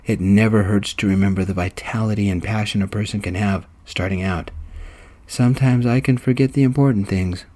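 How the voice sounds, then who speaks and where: A man's voice: fairly low pitch, fairly even intonation, a little fast, warm tone, natural voice. A man voicing a grand, effusive older woman fashion designer in a storybook reading. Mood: gushing.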